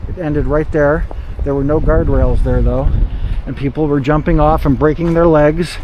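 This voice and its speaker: A man from Ohio talking his way along a river trail in a casual hiking vlog, chatty and rambling, quick to exclaim at what he finds. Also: fairly high pitch, fairly even intonation, lo-fi sound, background noise. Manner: chatty, rambling, easily surprised. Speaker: hiking vlogger. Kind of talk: casual outdoor vlog narration.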